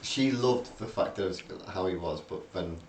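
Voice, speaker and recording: A man with a low voice talks at a normal speed as he co-hosts a casual film podcast, meandering through the plot with hesitations, fillers, and restarts. His mic is set back in a roomy space, and slight background noise is audible.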